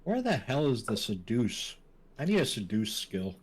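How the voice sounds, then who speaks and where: A man's voice: fairly low pitch, sing-song, moderate pace, slightly rough. A man playing a tabletop game, joking and sarcastic in casual banter. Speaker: player.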